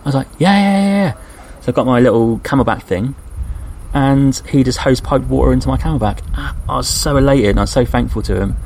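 A man's voice: mid-range voice, fast talker, vocal fry, a little hiss or hum. An English man, a podcast host, casually recounting a day of walking on a trail and quoting the people he met. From England. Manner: chatty, animated when quoting people. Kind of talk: casual travel storytelling.

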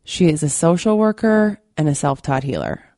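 A woman's voice: low voice, very animated, normal speed, warm tone, no echo, studio quality. A woman hosting a podcast, talking candidly and earnestly to her listeners, still a little stuffy from a cold. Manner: candid and earnest, with many fillers. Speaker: podcast host. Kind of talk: casual monologue to listeners.

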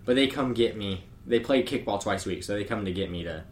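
A man's voice: lowish voice, expressive, a little fast, a little hiss or hum. A young man co-hosting a podcast, chatting casually in a laid-back, slangy way and laughing often. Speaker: podcast co-host. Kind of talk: casual chat.

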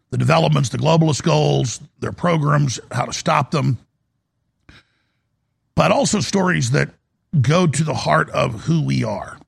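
A man's voice: fairly high pitch, no room sound. A man hosting a live broadcast from a studio, delivering a rambling monologue with restarts and sudden emphatic rises. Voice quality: gravelly and husky. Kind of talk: monologue commentary.

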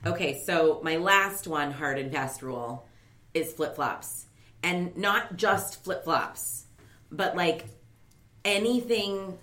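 A woman's voice: mid-range voice, fairly bright tone. A woman co-hosting a podcast in casual chat, firm and opinionated as she lays down rules. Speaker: podcast co-host. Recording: roomy echo.

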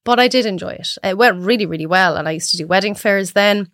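A woman's voice: medium pitch, fast, no echo, studio quality. An Irish woman in her thirties, a podcast guest, telling stories and acting out the voices of people she quotes. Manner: animated storyteller acting out quotes. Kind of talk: casual chat.

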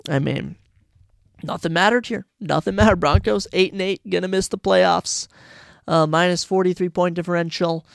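A man's voice: sits high, fairly even intonation, normal speed, vocal fry, no room sound, studio quality. A man hosting a solo sports podcast, rambling and sarcastic, grumbling over his team's losses. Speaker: podcast host.

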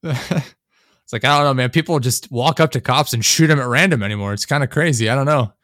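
A young man chatting casually, rambling and sarcastic, often mimicking people in high mocking voices. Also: fairly quick, fairly bright tone, dry recording, studio quality. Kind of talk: casual chat.

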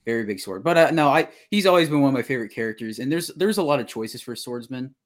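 Young male co-host, rapid casual talker, mid-pitch, halting delivery. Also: lively intonation. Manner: fast, halting, repeats words. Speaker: podcast co-host. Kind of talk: casual chat.

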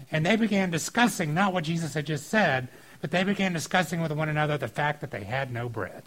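Informal, animated male preacher. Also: on the high side, fairly quick, hardly any pauses, poor audio. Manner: informal and animated, acting out quotes with filler likes. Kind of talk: casual sermon on a scripture reading.

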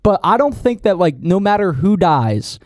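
A man's voice: high-pitched, sing-song, normal speed, darkish tone, dry recording, studio quality. A young man co-hosting a podcast in casual chat, rambling with many likes and restarts. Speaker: podcast co-host.

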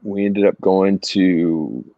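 A middle-aged man casually telling anecdotes as a guest, animated and laughing as he goes. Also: low voice, slow pace, no room sound. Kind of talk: casual storytelling. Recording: dry, slightly dull sound.

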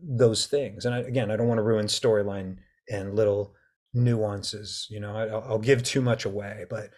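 A man's voice: lowish voice, fairly even intonation, normal speed, a little mellow. A man, an author, chatting casually in an interview, rambling animatedly and breaking into character voices.

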